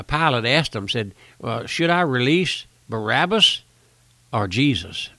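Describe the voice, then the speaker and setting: A man's voice: medium pitch, fairly bright tone, no room sound. An older man preaching a folksy radio sermon, pleading with the listener and rising to emphatic peaks.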